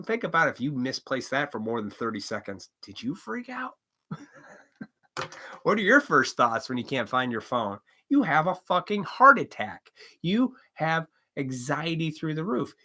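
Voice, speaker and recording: Lively, bright-voiced man rambling on a stream. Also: medium pitch. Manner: loose, profane, chuckles often, acts out quoted voices. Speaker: live stream host. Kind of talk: casual rambling monologue.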